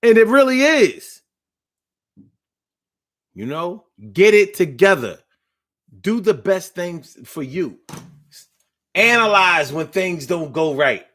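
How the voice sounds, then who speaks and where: A man's voice: a little high, animated, takes it slowly, pushed and bright. A man hosting a casual livestream talk, ranting bluntly and profanely in slangy street talk while reading viewer comments. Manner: blunt, profane, preachy rant.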